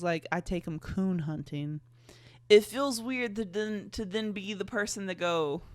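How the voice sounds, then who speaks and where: A woman's voice: medium pitch, dry recording. A young woman hosting a podcast, reading her old fan fiction aloud and mocking it with sarcastic, giggly asides and plenty of swearing. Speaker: podcast host. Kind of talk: casual reading and commentary.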